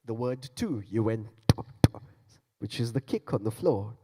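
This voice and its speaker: Coaxing listeners to join in, a man gives a playful interactive talk and demonstration on beatboxing in a big conference hall. His medium-pitched voice is lively but measured. The recording is very noisy, with long hall reverb.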